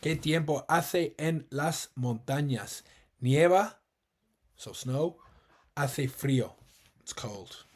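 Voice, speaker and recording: A man with an Irish accent teaching a live online exam-prep lesson, explaining patiently and repeating words slowly and clearly. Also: a little high.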